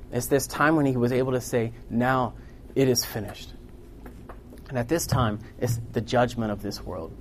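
A man preaching a sermon to a congregation in a room, earnest and building to loud, emphatic peaks. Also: mid-range voice, normal speed.

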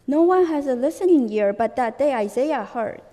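A woman interpreting a sermon into English phrase by phrase, steady and at times searching for a word. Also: high-pitched, moderate pace, big-room sound. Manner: steady, occasionally searching for words.

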